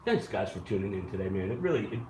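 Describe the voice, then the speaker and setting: A man's voice: low-pitched, quick pace, echoey room, a little hiss or hum. A man hosting a live online show, chatting casually with viewers and rambling through stories with swearing and laughs. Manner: rambling, animated storyteller who swears and laughs. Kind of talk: casual live-stream chat, reacting to viewer comments.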